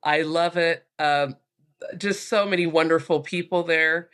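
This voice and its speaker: Bright-voiced animated woman storyteller. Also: low voice, measured pace, clear, resonant tone. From United States. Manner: animated, acts out voices in her stories. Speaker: guest, author. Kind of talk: storytelling interview.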